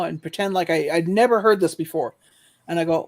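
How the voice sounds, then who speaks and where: A man co-hosting a livestream chat, telling stories with lively quoted exchanges and frequent repeated words as he starts sentences. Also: a little high, quick pace. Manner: storytelling, animated quoting of callers. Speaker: livestream co-host. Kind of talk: casual chat.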